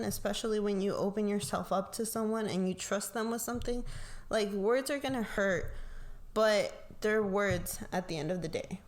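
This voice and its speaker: Slow, soothing young woman sharing testimony. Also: mid-range voice. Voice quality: calm, soothing voice. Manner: slow, reflective, tags lines with "like" and "right?". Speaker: pastor's kid and co-host. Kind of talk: personal faith testimony chat.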